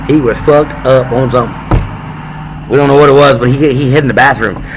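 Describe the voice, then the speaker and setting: A man's voice: medium pitch, noisy background. A man telling crude stories in rowdy casual chat as a podcast co-host. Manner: crude, rowdy, quick storytelling.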